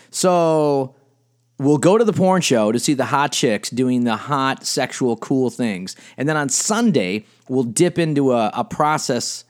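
A middle-aged man, a spiritual director and life coach, giving a blunt, animated teaching talk and reading quotes aloud. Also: medium pitch. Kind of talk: podcast-style teaching monologue.

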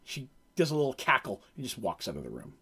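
A man's voice: mid-range voice, huge pitch swings, quick pace, sharp tone, slightly rough. A man casually recapping a tabletop game session as game master, rambling with fillers.

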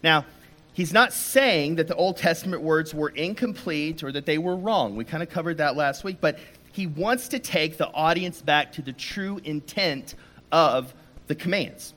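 A man's voice: a little high, moderate pace, a bit bright. A man giving a sermon to a church audience, telling a personal story in a conversational way, often restarting his sentences. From United States. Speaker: preacher.

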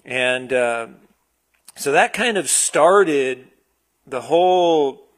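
Pastor with a higher male voice. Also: very slow. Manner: relaxed, searching, with frequent fillers and restarts. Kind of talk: conversational sermon.

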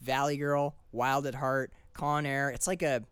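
A man co-hosting a casual movie podcast, swearing, laughing and acting out lines in loud voices. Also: mid-range voice, level tone, a little slow, clear, resonant tone, dry recording. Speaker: podcast co-host.

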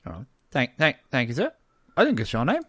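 A man's voice: mid-range voice, huge pitch swings, brisk, a bit bright, breathy edge, dry recording, studio quality, voice pushed up, heavily acted. A man voicing a small, friendly male gnome tinkerer who talks in an eager, rambling way.

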